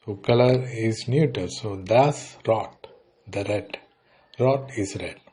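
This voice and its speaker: A man's voice: on the low side, takes it slowly, mellow, breathy edge. A man teaching a beginner language lesson. He says each phrase, then translates it plainly, and sometimes restarts a word partway through.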